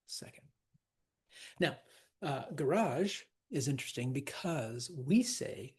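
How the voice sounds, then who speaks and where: Slow, husky-voiced man teaching. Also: mid-range voice. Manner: animated, repeats words for emphasis, laughs often. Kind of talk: classroom lecture.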